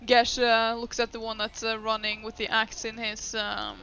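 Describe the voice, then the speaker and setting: Woman at a tabletop game, kinda high bright voice, slow and hesitant, lots of uh and like. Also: little pitch movement, vocal fry, a little hiss or hum. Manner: hesitant, full of fillers and restarts. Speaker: player.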